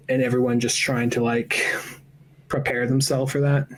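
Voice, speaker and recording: A man's voice: mid-range voice, completely flat delivery, normal speed. A man co-hosting a podcast, chatting casually about films in a rambling, profane way with many fillers. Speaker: podcast co-host. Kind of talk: casual film review chat.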